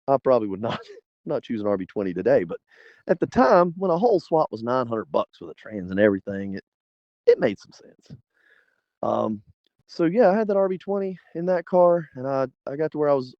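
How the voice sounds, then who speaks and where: A man's voice: medium pitch, a little fast, no room sound. A man in his forties from South Carolina, a guest telling a story in a casual, laughing way and acting out the people in it. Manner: animated, laughing, acts out others in the story. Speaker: interview guest. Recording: dry, slightly dull lo-fi sound.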